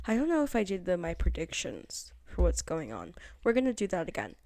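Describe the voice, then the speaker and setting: Chatty woman vlogger, slightly low-pitched, dry phone-camera sound, loose and tangent-prone delivery. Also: huge pitch swings, a little fast, a little mellow, no echo. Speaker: vlogger reviewing a TV show. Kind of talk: casual rambling chat to camera.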